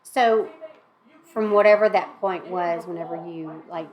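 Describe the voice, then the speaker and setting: A woman hosting a candid talk with her younger sister, asking questions gently and backing her up with frequent soft murmurs of agreement. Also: on the low side, a little slow. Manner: gentle, supportive, many mm-hmms. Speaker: host, older sister interviewing. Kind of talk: conversational interview.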